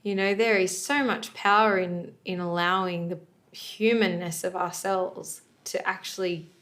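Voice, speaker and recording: A woman's voice: lowish voice, fairly even intonation, unhurried, a bit bright. A woman co-hosting a podcast in casual chat, rambling with many restarts.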